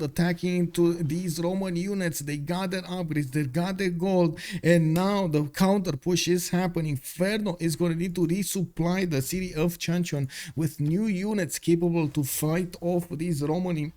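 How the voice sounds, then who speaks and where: A man's voice: on the high side, darkish tone. A man giving live commentary on a strategy game match, talking with many fillers, reading viewers' messages aloud, and saying he is losing his voice. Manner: rambling, filler-heavy, reads chat aloud. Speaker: esports caster.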